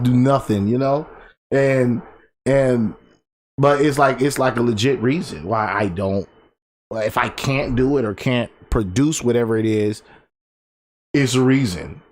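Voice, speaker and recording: A man in his thirties co-hosting a podcast, telling stories in a rambling, animated way and laughing often. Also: mid-range voice, unhurried, a little hiss or hum. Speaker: podcast co-host. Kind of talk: casual storytelling chat. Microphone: desk microphone.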